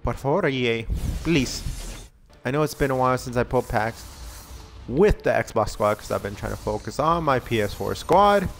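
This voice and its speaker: A man casually commenting on a video game pack opening, excitable and begging the game for good pulls. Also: medium pitch, fairly quick, vocal fry, faint music behind. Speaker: gaming channel host.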